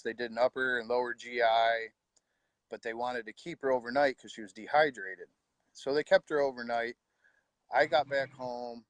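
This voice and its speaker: A middle-aged man, quietly telling his own story of losing his wife, with halting pauses and heartfelt words. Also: medium pitch, no room sound. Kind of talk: personal storytelling.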